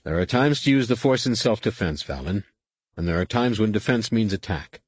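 A man voicing a firm, serious young male Jedi leader, speaking in a clipped, sharp way close to his own lowish voice. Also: animated, fairly quick, breathy edge, no echo. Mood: stern.

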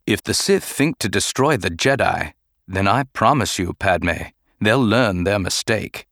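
A man voicing a calm, measured middle-aged Jedi knight who speaks gently and formally. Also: fairly low pitch, dry recording, studio quality. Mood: resolute.

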